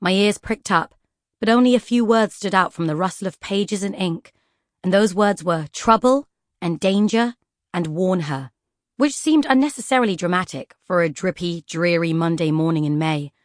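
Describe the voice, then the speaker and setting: A woman narrating a children's fantasy audiobook in an expressive storytelling style. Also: fairly low pitch, normal speed, no room sound, clean studio sound. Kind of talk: scripted children's book narration.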